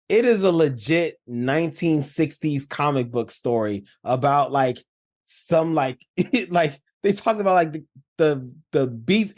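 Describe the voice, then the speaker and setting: Male podcast co-host, casual, lively and very expressive in pitch, quick to laugh. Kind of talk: casual chat.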